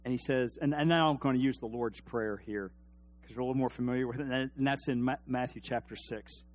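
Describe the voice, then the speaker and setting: A man preaching a sermon, dropping to a near hush and then rising to loud, emphatic shouts, and putting questions to his congregation. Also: mid-range voice, fairly even intonation, fast talker. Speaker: pastor.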